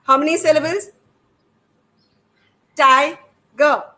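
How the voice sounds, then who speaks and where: A woman's voice: sits high, fairly even intonation, takes it slowly, pushed and bright, rough recording. A middle-aged woman with an Indian English accent, explaining reading activities to parents in a patient, demonstrative way and asking rhetorical questions. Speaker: educator. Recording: faint background noise.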